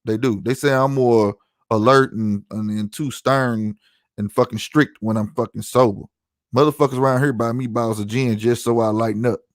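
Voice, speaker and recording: A man's voice: medium pitch, steady tone, normal speed, no echo, clean studio sound. Heated, profane man ranting on his podcast. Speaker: podcast host. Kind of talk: heated solo livestream rant.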